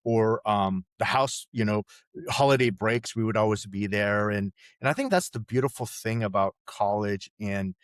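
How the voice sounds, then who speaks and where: A man's voice: on the low side, normal speed, dry recording. A man in his sixties, a podcast guest telling college stories in a rambling, profane way, full of restarts and "you know"s. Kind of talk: casual storytelling chat.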